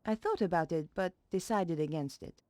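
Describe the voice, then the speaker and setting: A woman's voice: lowish voice, normal speed, a little mellow, dry recording, lightly acted. An actress voicing a female journalist heroine, narrating her thoughts in a dry, matter-of-fact way. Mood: calm.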